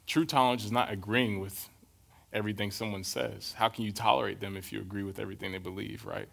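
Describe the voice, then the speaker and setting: A young adult man preaching a relaxed, conversational sermon, telling stories and often checking in with his listeners. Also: on the low side, fast, gravelly. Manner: casual, storytelling, keeps checking in with "right?".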